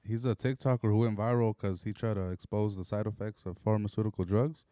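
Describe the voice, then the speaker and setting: Smooth, dark-voiced man reading news. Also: lowish voice, level tone, fairly quick, dry recording. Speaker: podcast co-host reading news. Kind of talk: casual news rundown.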